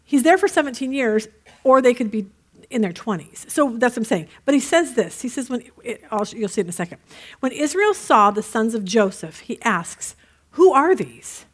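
A middle-aged woman with a slightly high voice teaches a Bible study class. She talks casually and warmly to her group, mixing in a joke now and then before reading the next verses aloud. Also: very animated, normal speed. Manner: chatty, tells jokes, reads scripture aloud.

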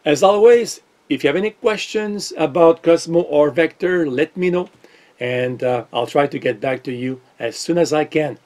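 A man's voice: fairly high pitch, normal speed. Exasperated French-accented tech vlogger man. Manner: exasperated, incredulous, thinks out loud. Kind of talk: casual commentary to camera.

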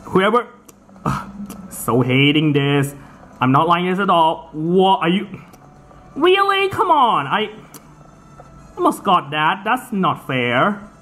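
A man giving casual let's-play commentary over a soccer video game, excitable and quick to swear and groan at the game. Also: fairly high pitch. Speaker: gameplay commentator.

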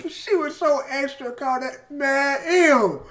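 A man's voice: very high voice, animated, moderate pace. A young man hosting a music reaction video, talking in hyped, slangy bursts and exclamations. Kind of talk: excited music reaction chat. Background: loud hip hop track playing.

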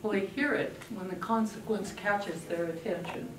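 An older woman giving a talk on parenting, telling lively stories and acting out what her children said. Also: mid-range voice, normal speed. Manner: lively storytelling, acting out quoted family voices. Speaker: parenting speaker. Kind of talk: talk to an audience. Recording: distant mic, roomy echo, faint background noise.

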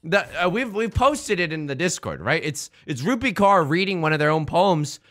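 A man's voice: on the high side, big pitch swings, normal speed, fairly bright tone. A young man chatting casually on his livestream, rambling and joking, often restarting phrases and swearing. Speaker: streamer.

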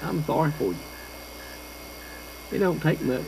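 A man's voice: on the high side, lively intonation, measured pace, noisy background. A man playing a stuttering folksy circuit preacher. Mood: homespun storytelling. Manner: stuttering, folksy storytelling with chuckles. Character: folksy old-time male circuit-riding preacher. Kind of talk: live first-person character sermon. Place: church service before a live audience.

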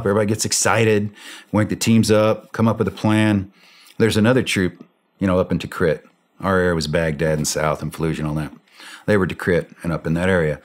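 Low-voiced man telling a blunt war story. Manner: animated storyteller acting out quoted dialogue, blunt and profane. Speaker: former special operations soldier, podcast guest. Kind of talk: war story told in a podcast interview.

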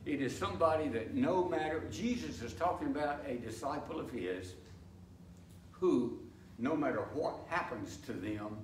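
A man's voice: medium pitch, slight background noise. An older man teaching a church Bible study in a folksy, explanatory way, telling homey anecdotes, recorded in a church sanctuary. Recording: echoey, distant, faint ambience.

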